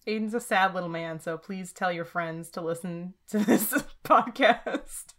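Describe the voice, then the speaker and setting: A woman's voice: lowish voice, a little slow. A woman co-hosting a podcast, chatting casually in a giggly, teasing, enthusiastic way. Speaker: podcast co-host. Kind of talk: casual comedic chat.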